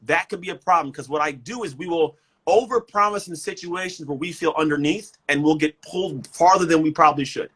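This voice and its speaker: Energetic motivational guy, quick talker, bit husky, keeps restarting words. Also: on the high side, poor audio. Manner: energetic, emphatic, repeats words. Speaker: motivational speaker and coach. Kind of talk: casual motivational talk. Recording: livestream guest.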